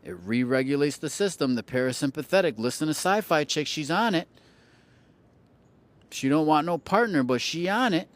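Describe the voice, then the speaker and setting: A man's voice: fairly high pitch, lively intonation, moderate pace. A man hosting an astrology livestream in casual chat, playful and teasing with viewers, often repeating phrases for effect.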